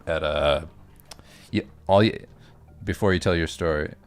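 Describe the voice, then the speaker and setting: Very low-voiced man in casual chat. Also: measured pace, soft background music. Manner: laughs often while telling stories. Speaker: podcast co-host.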